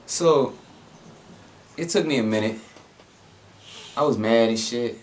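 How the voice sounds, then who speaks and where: A man's voice: mid-range voice, takes it slowly. A young adult man telling a personal story in a casual vlog, laid-back and slangy, with lots of fillers. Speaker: vlogger.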